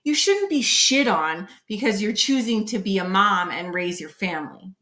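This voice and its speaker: A woman's voice: mid-range voice, animated, moderate pace, sharp tone. Emphatic woman in her forties, roomy sound. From Canada. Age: 40s. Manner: emphatic, opinionated. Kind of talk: casual podcast conversation. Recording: echoey room.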